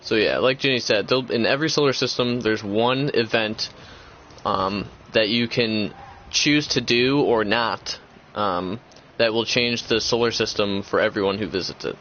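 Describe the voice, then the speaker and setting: A man's voice: fairly low pitch, normal speed, fairly bright tone, slight background noise. A young man hosting a gaming channel, chatting casually and rambling with lots of fillers and restarts. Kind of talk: casual chat. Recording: dull lo-fi sound.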